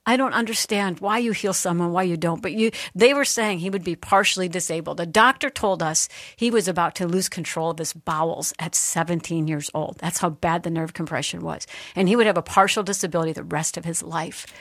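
A middle-aged woman hosting a faith talk show, telling a story in a lively, expressive way. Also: fairly low pitch, brisk, hardly any pauses, no echo, studio quality. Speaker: host.

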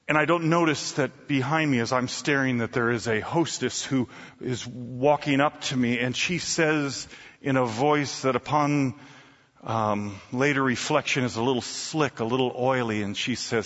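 A man preaching a storytelling sermon, swinging between loud bursts and hushed asides. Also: medium pitch, animated, measured pace, in a large hall, muffled recording.

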